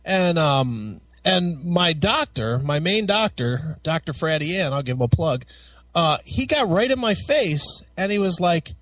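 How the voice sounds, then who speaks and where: A man with a fairly high voice, talking bluntly and cursing in nearly every sentence. He sounds a little off the mic, in a dry room with no echo. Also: expressive, measured pace, fairly bright tone, recorded from a distance. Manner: blunt and heavily profane. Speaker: podcast co-host. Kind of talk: casual chat.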